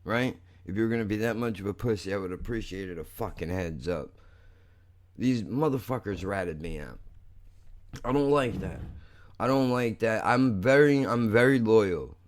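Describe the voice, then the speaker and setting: A young man hosting a podcast, talking in a blunt, profane, rambling way that turns angry fast. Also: lowish voice, animated. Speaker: podcast host. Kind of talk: casual monologue.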